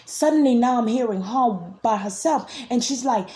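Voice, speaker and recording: A woman's voice: a little high, moderate pace, dark tone. A young woman vlogger telling a personal story in a blunt, rambling, casual way, with some swearing.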